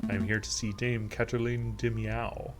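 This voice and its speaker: A man voicing a formal, dry male lawyer, speaking in a measured way over loud game music. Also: fairly low pitch, little pitch movement, close to an everyday voice.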